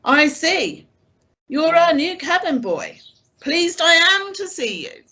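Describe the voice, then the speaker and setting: A cunning one-legged pirate landlord blusters and barks his orders, as a woman reader puts him on. The voice swings widely in pitch. The recording is dull and lo-fi. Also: very animated, slow pace, exaggerated voice. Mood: blustering. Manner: blustering, loud, stern.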